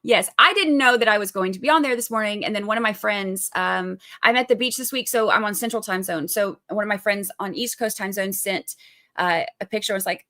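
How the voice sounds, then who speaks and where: Southern woman from Georgia, livestream host; bright, forward tone, chatty, explains things plainly. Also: mid-range voice, fairly quick. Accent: Southern American (Georgia). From Georgia, USA. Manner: chatty and upbeat, explains court steps plainly. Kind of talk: casual livestream commentary, reading viewer chat. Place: indoors, away at the beach this week.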